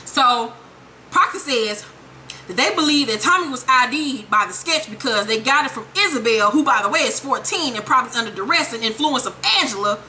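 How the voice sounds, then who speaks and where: Woman vlogger, profane TV recap, acts out characters, high bright voice. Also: lively intonation, fairly quick, slight background noise. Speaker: TV episode reviewer. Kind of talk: casual episode recap.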